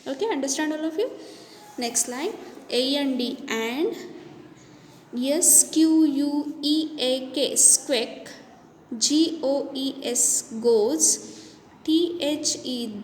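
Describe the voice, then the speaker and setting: A woman's voice: high voice, darkish tone. A woman teaching a children's lesson, spelling each word letter by letter before saying it. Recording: echoey room with long reverb, faint background noise.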